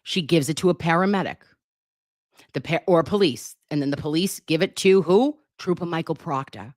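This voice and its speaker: A woman's voice: deep voice, moderate pace, darkish tone, no echo, studio quality. A woman hosting a casual trial recap, emphatic and profane as she talks. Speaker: commentary host.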